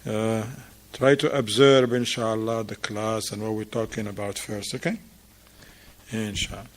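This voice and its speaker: A man's voice: on the low side, steady tone, unhurried, slight background noise. A man teaching an informal religious class in a mosque, talking with his students, asking them questions and repeating their answers, in English that is not his first language.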